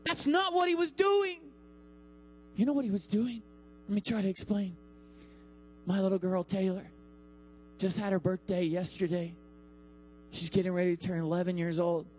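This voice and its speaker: A man in his thirties preaching a sermon as pastor, with dramatic pauses and acted-out quotes. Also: high voice, a little mellow, rough recording. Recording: mains hum.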